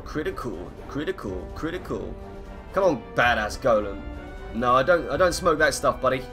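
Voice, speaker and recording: A man with a croaky voice chatting through live gameplay commentary, greeting viewers and humming between lines. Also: medium pitch, lively intonation, a little fast, music in the background. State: hoarse, croaky voice. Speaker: game streamer. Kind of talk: live gameplay commentary, reading chat aloud.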